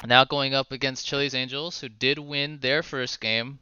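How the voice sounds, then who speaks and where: A man hosting a casual online esports broadcast, lively and joking, often laughing as he interviews team captains. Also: medium pitch, moderate pace, clear, resonant tone, muffled recording. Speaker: esports caster and host. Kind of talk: casual streamed esports commentary.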